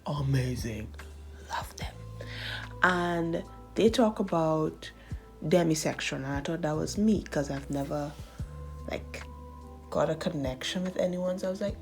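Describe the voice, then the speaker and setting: A thirty-year-old woman speaking unhurriedly in a relaxed, confessional voice-over. She laughs often and slips into soft, half-whispered asides. Faint music plays quietly behind her. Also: low-pitched, measured pace. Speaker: art channel host.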